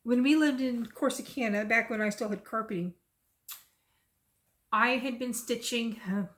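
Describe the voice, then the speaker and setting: A woman's voice: a little high, measured pace. A middle-aged woman, chatting casually about her cross stitch and telling rambling stories. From Texas. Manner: chatty, rambling, lively when retelling stories. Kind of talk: casual chat and storytelling.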